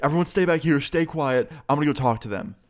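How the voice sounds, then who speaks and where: A man putting on an excitable young party host who talks loud and bossy, in slang. His voice sits far above the narrator's own. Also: a little high, quick pace, pitched above the performer's own voice, close to an everyday voice. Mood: urgent.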